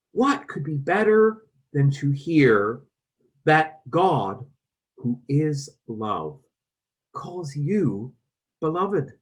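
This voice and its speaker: A man with a Canadian accent preaching a sermon in a church, gentle and reflective. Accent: Canadian English. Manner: slow, gentle and reflective with wide swings in pitch and loudness. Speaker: pastor.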